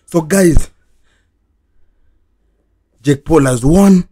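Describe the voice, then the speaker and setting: Agitated guy ranting on his channel, husky and kinda dark, slow drawn-out delivery, keeps repeating himself. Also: fairly high pitch. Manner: repetitive, chant-like ranting. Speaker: reaction video host. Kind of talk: casual ranting reaction.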